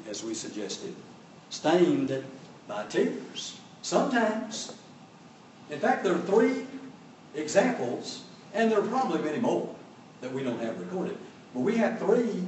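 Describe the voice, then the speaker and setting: A man's voice: on the high side, a little mellow, echoey room, distant mic, slight background noise, poor audio. An older man preaching a sermon with fervour, swelling and dropping his voice for emphasis.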